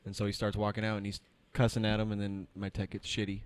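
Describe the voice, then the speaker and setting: A young man in casual chat, telling an animated story and acting out the voices of the people in it. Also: fairly low pitch, quick pace, no room sound. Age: young adult. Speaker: podcast co-host.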